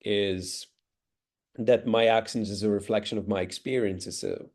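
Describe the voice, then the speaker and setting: A man's voice: on the low side, fairly even intonation, measured pace, darkish tone. An Italian man speaking English with a British-leaning accent, giving a thoughtful, academic interview answer with frequent fillers. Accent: British-leaning English with traces of American and Australian. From Italy. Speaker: interview guest, pronunciation teacher.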